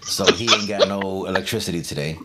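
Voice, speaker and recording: A man with a low voice hosts a casual chat at a brisk pace over a loud crowd. He swears often and laughs his way through his stories.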